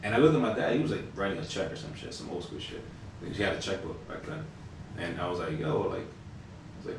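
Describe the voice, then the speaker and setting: A fast-talking man in his thirties chats and tells stories on a podcast, animated and loose, with swearing tossed in. His fairly low voice sits back from the mic in a very echoey room with faint hiss. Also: distant mic. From Hispanic household. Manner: animated, swears casually, many fillers. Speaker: podcast co-host. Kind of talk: casual storytelling chat.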